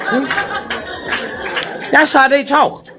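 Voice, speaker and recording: A man's voice: extremely high pitch, flat delivery, slow pace, noisy background. A man in his eighties talking to a live audience in a preachy, joking way, keeps prodding the crowd with "huh?" and "hmm?". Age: 80s. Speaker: speaker addressing a live audience.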